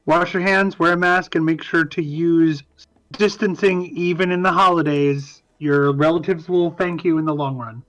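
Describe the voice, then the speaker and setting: A man playing a tabletop game, chatting casually after the session in a relaxed, agreeable way and giving earnest advice at sign-off. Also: on the high side, moderate pace, low-quality recording.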